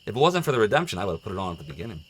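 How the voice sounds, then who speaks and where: Chatty, excitable male game streamer. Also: on the low side, very fast, slight background noise. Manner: chatty and excitable, laughs often, gets flustered. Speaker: live streamer. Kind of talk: casual game stream commentary.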